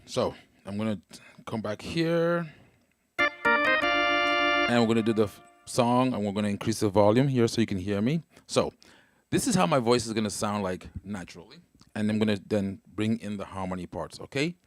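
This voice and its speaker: A man's voice: on the low side, moderate pace, in a large hall. A man casually talking livestream viewers through a keyboard demo on a wireless handheld mic, checking comments as he goes. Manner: casual, talks viewers through each step. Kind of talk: live product demo with singing. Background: keyboard music.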